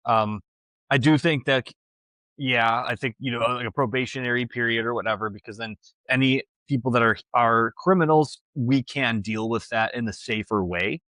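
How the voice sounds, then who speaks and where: A man's voice: medium pitch, moderate pace, sharp tone, no room sound. Hesitant man debating on a podcast. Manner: hesitant, many restarts and "like". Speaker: podcast co-host. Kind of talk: casual political debate.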